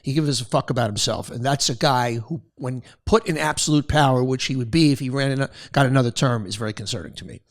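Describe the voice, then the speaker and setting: A man's voice: medium pitch, quick pace, few pauses. A man hosting a podcast, blunt and profane, cutting in with stammered restarts. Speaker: podcast host. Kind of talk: heated political conversation.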